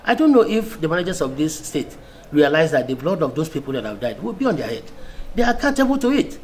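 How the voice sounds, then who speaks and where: A man's voice: on the high side, sing-song, quick pace, slight background noise. A middle-aged man with a Nigerian accent giving an emphatic, insistent political speech to camera, often restarting and repeating words. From Abia State, Nigeria. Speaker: senior lawyer and political speaker.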